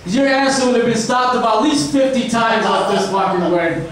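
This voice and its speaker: A man's voice: extremely high pitch, moderate pace. A man doing crude, rambling stand-up comedy, checking in with the crowd with a constant "right?". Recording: echoey room from far off, faint noise.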